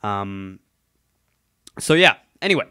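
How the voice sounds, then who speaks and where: A YouTube commentator with a lowish voice speaks slowly with big pitch swings, his tone pushed, bright, clear and resonant. He's chatting casually on his own channel and sounds a little congested, recorded in studio quality with no echo on a desk mic while wearing headphones. He rambles with lots of ums and restarts.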